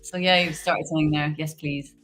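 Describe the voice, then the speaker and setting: Middle-aged woman just chatting on a livestream, rambly, lots of laughing, soft music behind. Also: sits low, fairly even intonation, brisk. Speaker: guest voice actor. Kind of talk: casual livestream chat.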